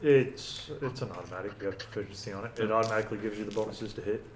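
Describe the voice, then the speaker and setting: A man running a tabletop game as game master, counting dice out loud and often correcting himself mid-sentence. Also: fairly low pitch, rapid-fire, a little hiss or hum.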